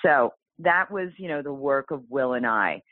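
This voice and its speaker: Woman guest, low voice with big swings, animated storyteller; dry, phone-quality audio. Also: moderate pace, no room sound. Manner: animated, exclaiming, acts out quoted voices. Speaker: guest author. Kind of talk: storytelling in a podcast interview. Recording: tinny phone-like line.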